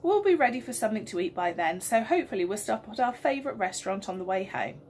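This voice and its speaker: A woman voicing a cheerful, friendly neighbour father, with a breathy voice. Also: mid-range voice, very animated, fast talker, a little hiss or hum. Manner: cheerful, bright.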